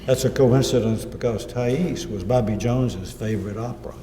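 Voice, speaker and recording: A man's voice: medium pitch, moderate pace, warm tone, slight background noise. A man giving an author talk, telling anecdotes and quoting people in his own voice. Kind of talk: lecture with slides. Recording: echoey hall, mic far off.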